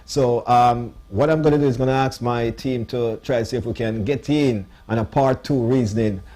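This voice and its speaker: Male radio host, mellow mid-range voice, upbeat sign-off patter. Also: mid-range voice, fairly even intonation, moderate pace. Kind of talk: live radio show wrap-up.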